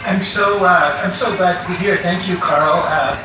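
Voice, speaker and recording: A man opening his set at a poetry reading with halting, grateful remarks. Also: sits high, noisy background. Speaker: poet. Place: bar venue at a live reading. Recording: very echoey, distant.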